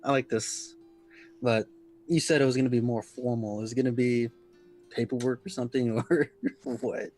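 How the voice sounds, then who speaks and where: A man's voice: medium pitch, steady tone, moderate pace, darkish tone, faint music behind, natural voice, rough recording. A man voicing Batsu, a casual, curious young male adventurer who talks loosely and laughs a lot.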